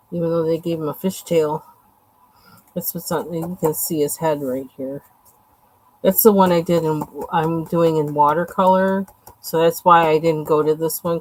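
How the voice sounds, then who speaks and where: A woman's voice: low voice, darkish tone, poor audio. A woman chatting casually and rambling with lots of fillers while she colors on a livestream. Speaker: livestream host.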